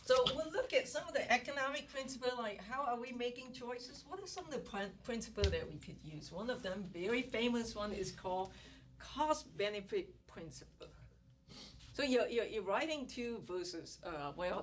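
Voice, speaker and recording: A woman instructor giving an economics lecture in a classroom, animated and repeating key words as she coaxes her students. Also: mid-range voice. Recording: distant classroom recording with background noise.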